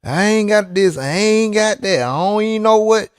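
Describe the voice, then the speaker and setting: A man's voice: high voice, expressive, moderate pace, smooth, no echo, clean studio sound, pitched above the performer's own voice. A man putting on a whining, pleading grown man who moans and keeps breaking off mid-sentence.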